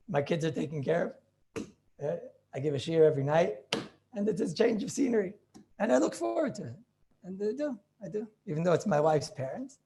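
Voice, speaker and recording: A man's voice: high voice, gravelly, dark tone. A man in his forties, a rabbi teaching an informal class over a video call, stressing points by repeating them and asking rhetorical questions. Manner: emphatic, repetitive preaching with rhetorical questions.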